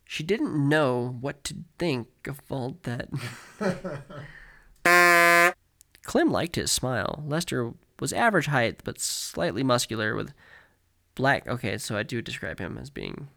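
A man with a medium-pitched voice reads a story aloud on a podcast. He keeps tripping over words and breaking into laughter, then picks the reading back up in a loose, casual way. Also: expressive, slow pace, gravelly, pauses often, pushed and bright. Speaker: podcast co-host.

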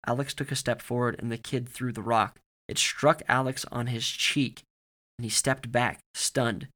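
A man reading a story aloud in a steady, grave narrating manner. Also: medium pitch, measured pace.

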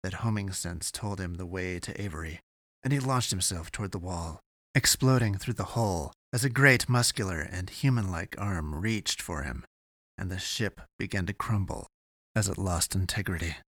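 A man narrating a story in a measured, steady reading on a close mic. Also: low voice, no room sound. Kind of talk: audiobook narration.

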